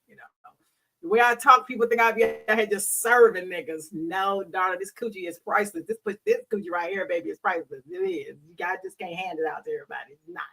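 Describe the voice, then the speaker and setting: A woman's voice: mid-range voice, lively intonation, fast talker, creaky, a bit bright, recorded from a distance, poor audio. A middle-aged woman talking frankly and bawdily to her audience, preachy and laughing often. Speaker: host; hospital worker. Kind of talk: candid solo talk.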